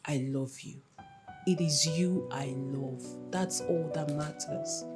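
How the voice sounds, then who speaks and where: A woman's voice: lowish voice, lively intonation, a little slow. An actress playing a young woman who coaxes and reassures her jealous lover. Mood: coaxing. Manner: coaxing, affectionate, reassuring. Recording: soft music underneath.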